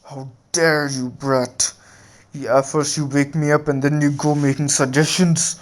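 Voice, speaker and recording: A man voicing a hateful male nine-tailed fox demon, speaking with contempt in a low-key retold fan story. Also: flat delivery, a little slow, close to an everyday voice. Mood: scornful. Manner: contemptuous, calls others brat.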